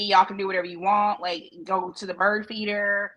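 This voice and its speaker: A sassy woman co-host tears into soap characters in blunt, profane casual chat. Her voice is bright and forward, at a middle pitch for a woman, and she keeps her delivery loose and conversational. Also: level tone, normal speed. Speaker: podcast co-host.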